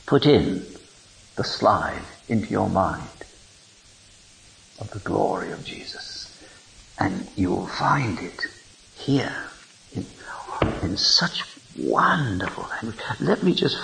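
A man preaching an informal sermon, reading scripture aloud in an animated, digressive way and chuckling between lines. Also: fairly low pitch, slow pace, creaky, long pauses, a little hiss or hum, rough recording.

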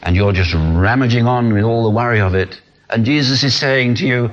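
A man's voice: medium pitch, fairly quick, hardly any pauses. A man preaching a sermon in an earnest way, acting out the small voices people hear in their heads. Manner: earnest, animated, acts out inner voices. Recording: dull lo-fi sound.

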